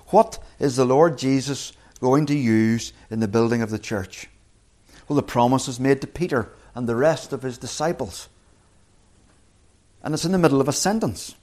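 A man's voice: mid-range voice, a little mellow. Earnest male preacher giving a sermon. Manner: earnest, slows and rises on scripture quotes.

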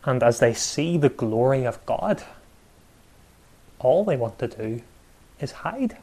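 Slow, emphatic male preacher. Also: mid-range voice, sing-song, mellow. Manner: measured, emphatic preaching with pauses and repetition. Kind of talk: sermon.

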